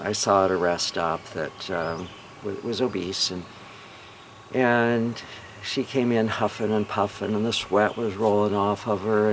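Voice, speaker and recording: A middle-aged hypnotherapist tells his own story in a lowish, earnest voice. He speaks warmly and encouragingly, straight to the listener. Clear background noise runs under the recording. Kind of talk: personal testimonial to viewers.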